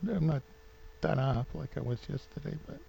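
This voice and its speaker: A man's voice: on the high side, moderate pace, gravelly, warm tone, husky, low-quality recording. A man in his fifties with a New England accent rambles sentimentally through a home vlog, full of fillers and restarts. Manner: sentimental, gets openly emotional. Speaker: vlogger.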